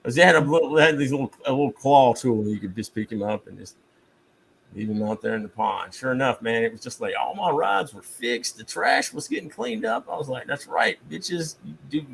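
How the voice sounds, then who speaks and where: Gravelly-voiced man telling stories. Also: medium pitch, brisk, a little hiss or hum, low-quality recording. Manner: profane, animated storytelling with mock-outraged asides. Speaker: streamer host. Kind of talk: casual storytelling chat.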